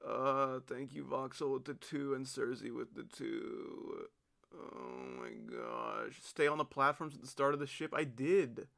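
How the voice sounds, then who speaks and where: A man's voice: medium pitch, steady tone, normal speed, creaky, few pauses, fairly bright tone. A man streaming a game, talking in exasperated, incredulous bursts and swearing as he breaks down a failed attempt. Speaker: gaming streamer. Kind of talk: frustrated live gameplay commentary.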